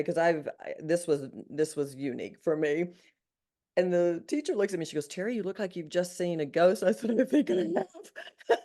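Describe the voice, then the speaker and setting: A woman in her sixties from Arkansas with a Southern accent, a guest telling her life story in an earnest, animated way with frequent restarts. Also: lowish voice. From Arkansas, USA. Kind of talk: storytelling in an interview.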